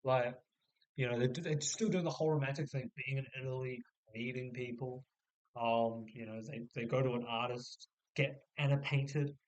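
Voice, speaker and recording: A man casually summarizing a novel, rambling with many filler words and restarts, sometimes putting on quick voices for the characters. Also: mid-range voice, steady tone, poor audio. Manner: slips into short mock voices for the characters. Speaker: book reviewer. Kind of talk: casual spoken book summary.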